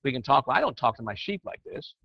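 A man's voice: mid-range voice, sing-song, fast, creaky, dry recording. An older man who counsels and teaches church leaders, talking in a folksy, conversational way that slips into preaching. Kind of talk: informal teaching to a group. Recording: dry, muffled lo-fi recording.

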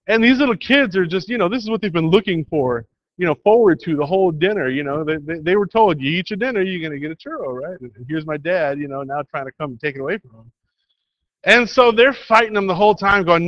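A man preaching an informal sermon in a church, telling a story in a rambling, halting way full of restarts. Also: high-pitched, expressive, dry recording, dull audio.

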